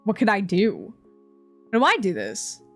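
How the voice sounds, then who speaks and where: A woman's voice: mid-range voice, wildly swooping pitch, measured pace, soft background music. A young woman streamer chatting casually, rambling and swearing, often laughing at her own jokes.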